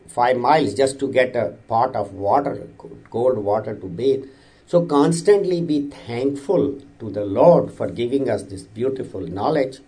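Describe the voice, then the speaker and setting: A man's voice: mid-range voice, mellow. A man teaching a religious discourse in an earnest, exhorting way, with frequent restarts. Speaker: spiritual teacher.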